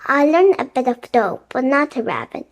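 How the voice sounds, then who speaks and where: A woman's voice: high-pitched, big pitch swings, moderate pace. A woman voicing a confident, cheerful young sorcerer with old-fashioned phrasing, in a children's storybook. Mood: jaunty.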